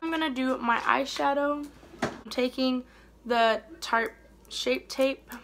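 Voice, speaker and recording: Casting note: young female beauty vlogger, unhurried chatty delivery, gravelly fry, light room hiss behind. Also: high-pitched, steady tone. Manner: chatty, rambling, trails off softly mid-thought. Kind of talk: casual get-ready-with-me chat.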